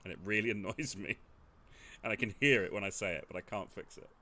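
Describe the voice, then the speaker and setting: Bright-voiced man chatting over gameplay. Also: lowish voice, quick pace. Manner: chatty, self-deprecating. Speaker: let's player. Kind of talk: casual game commentary.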